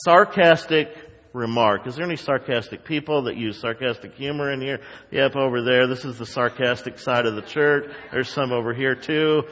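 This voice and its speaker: A male pastor preaching a sermon to his congregation, animated, with sarcastic asides to the people in the pews. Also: fairly high pitch, long reverb tail, low-quality recording. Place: church sanctuary.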